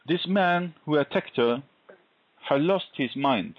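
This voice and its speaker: A man sharing a faith testimony in an interview, telling his story earnestly and deliberately. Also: a little high, lively intonation, dry recording. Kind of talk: conversational interview, personal testimony. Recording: dull lo-fi recording.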